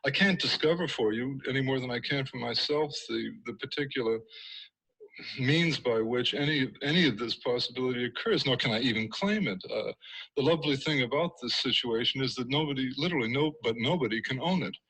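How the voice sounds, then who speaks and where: Man in an archival poetry talk: gravelly, husky, halting, keeps searching for words. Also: medium pitch, a bit bright, poor audio. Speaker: poet speaking in an archival recording.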